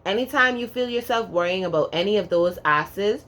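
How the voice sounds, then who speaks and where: A woman's voice: fairly low pitch, brisk, few pauses, a bit bright. A woman giving a casual pick-a-card tarot reading in a sassy, profane, emphatic way, drawling words for emphasis and tagging lines with "okay?".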